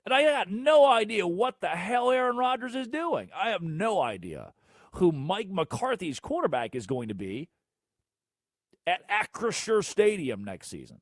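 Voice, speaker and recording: A man hosting a solo sports talk show, ranting sarcastically and swinging between loud outbursts and low mutters. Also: very animated, a little slow, dry recording, clean studio sound. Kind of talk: solo sports radio rant.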